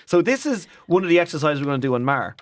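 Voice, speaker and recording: An Irish man co-hosting a podcast in casual chat, animated and jokey, rambling with restarts. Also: a little high, fast, no echo. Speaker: podcast co-host.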